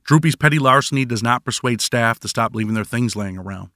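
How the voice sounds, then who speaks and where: A man's voice: medium pitch, fairly quick, sharp tone, dry recording. A man narrating his own prison memoir in first person, with dry, wry storytelling.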